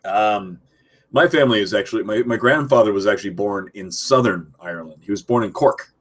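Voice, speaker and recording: Young man, from Canada, lowish voice, casual live-stream host, reads chat aloud and answers it, at his home computer. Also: a little fast.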